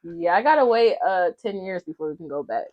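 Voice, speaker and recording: A young woman from Atlanta, a podcast guest telling a family story in a lively way and acting out the voices of her relatives. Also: fairly low pitch, a little fast, highs cut off. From Atlanta, Georgia. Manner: animated, acts out family members' voices. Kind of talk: casual storytelling.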